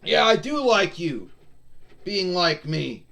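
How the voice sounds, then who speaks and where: A gruff, cocky wrestler talking down to a rival, as a man does the impression. He speaks bluntly and slowly, his voice pushed a little higher than usual. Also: very animated, pushed and bright, exaggerated voice.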